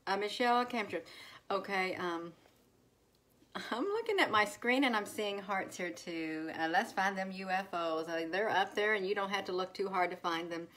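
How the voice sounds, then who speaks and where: A woman's voice: medium pitch, normal speed, a bit bright. A woman hosting a casual live stream, greeting viewers one by one by name with many fillers. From United States. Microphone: phone.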